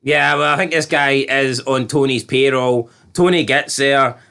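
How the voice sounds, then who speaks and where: A man in casual conversation, talking through an episode with a rambling, incredulous energy. His pitch sits in an ordinary middle range for a man. He keeps circling back to his point with loose, chatty asides. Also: a little slow, gravelly, clean tone. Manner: chatty, rambling, incredulous, animated retelling with quoted voices. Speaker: podcast co-host reviewing a TV episode. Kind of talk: casual chat.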